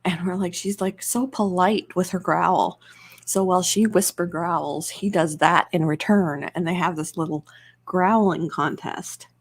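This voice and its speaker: A woman's voice: on the low side, fairly even intonation, a little slow, husky. A woman hosting an ASMR live stream, chatting casually and rambling, laughing often into a close microphone.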